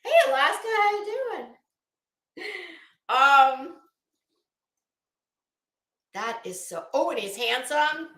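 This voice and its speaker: Slow, bright-voiced woman live-chatting. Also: sits high, big pitch swings, reverberant. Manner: chatty, profane, greets viewers by name. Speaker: livestream host. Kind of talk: casual live chat.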